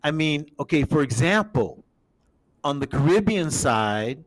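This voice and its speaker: A man's voice: a little high, very animated, moderate pace. A man hosting a casual livestream, rambling while showing a map and talking to viewers as everybody. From United States. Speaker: show host.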